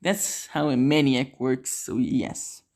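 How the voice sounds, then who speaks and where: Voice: medium pitch, slow pace, darkish tone. A speaker improvising a fan story in a rambling way, full of "like" fillers and giggles.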